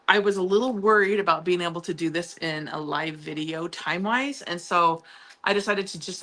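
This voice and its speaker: A woman's voice: fairly low pitch, bright, forceful tone. A woman hosting a casual live sewing tutorial, chatty and upbeat, with frequent ums and playful asides to her viewers. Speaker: sewing channel host.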